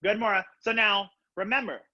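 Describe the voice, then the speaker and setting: A young man teaching a color guard class over a video call from his home, upbeat and casual, counting out loud and coaching students by name. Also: high-pitched, steady tone, a little fast. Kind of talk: live online class instruction. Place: home room, on the floor. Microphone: laptop webcam on a video call. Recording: dull lo-fi video call audio.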